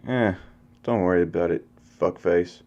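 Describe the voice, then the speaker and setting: A man's voice: deep voice, normal speed, highs cut off. A man voicing a foul-mouthed young male hero turned hellspawn, talking in a crude, cocky way.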